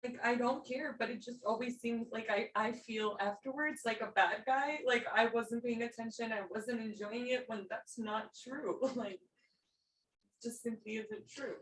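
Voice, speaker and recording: A woman's voice: on the high side, a little slow, fairly bright tone, recorded from a distance. A woman student who speaks in an anxious, apologetic and defensive way. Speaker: student in a lecture. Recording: roomy, away from the mic.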